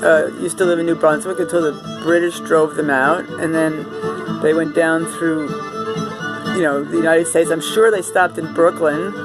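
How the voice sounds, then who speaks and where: A woman's voice: sits low, fairly even intonation, normal speed, low-quality recording. A woman chatting casually and rambling as she walks through her home, full of fillers and restarts. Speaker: artist showing her home studio. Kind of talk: casual vlog chat and home tour. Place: home, walking from room to room and into a kitchen. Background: Cajun fiddle music playing from a computer.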